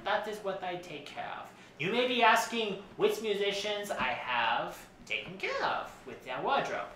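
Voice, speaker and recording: A man's voice: high-pitched, sharp tone, exaggerated voice. A man hosting while putting on a theatrical, flamboyant male fashion designer who calls people darling. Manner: theatrical, calls everyone darling, breaks character. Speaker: host. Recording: echoey room, faint noise.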